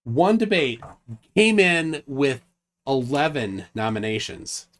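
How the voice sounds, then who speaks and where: A man's voice: medium pitch, very animated, slow pace, fairly bright tone. Male host of a casual online stream, reads lists aloud, loose and rambling. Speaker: livestream host. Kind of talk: casual livestream chat.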